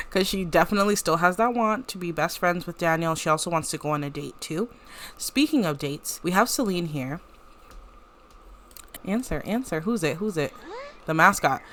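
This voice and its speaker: A woman's voice: fairly low pitch, fairly bright tone. A woman giving casual gameplay commentary, chatty and full of "like". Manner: chatty, uses "like" a lot. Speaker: let's play narrator.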